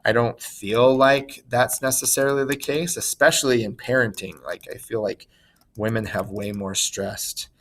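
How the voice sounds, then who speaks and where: A man's voice: mid-range voice, steady tone, normal speed, fairly bright tone. A man teaching a recorded lesson in a casual, chatty way, with asides and fillers. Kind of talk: recorded screen-share lesson.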